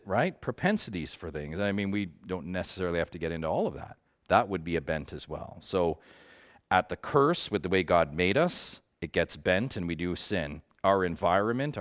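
A man's voice: low-pitched, a bit bright. A man teaching a Bible study group in a conversational way, earnest and passionate, often checking in with his listeners.

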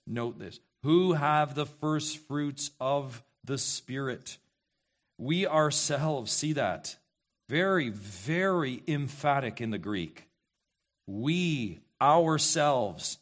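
A fairly high-voiced man preaches as pastor, leaning hard on his points. He asks the congregation questions and repeats key phrases for emphasis. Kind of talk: expository sermon.

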